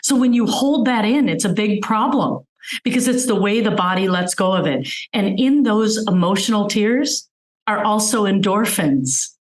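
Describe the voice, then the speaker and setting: A woman's voice: medium pitch, expressive, moderate pace. Woman speaking on a video call, roomy sound. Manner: earnest, explains with everyday examples. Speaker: physician guest speaker. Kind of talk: webinar talk.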